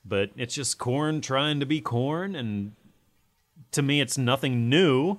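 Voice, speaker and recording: A man's voice: medium pitch, lively intonation, takes it slowly. A man co-hosting a podcast, giving opinionated takes with lots of "you know" and acted-out asides. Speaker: podcast co-host. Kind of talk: casual music review chat.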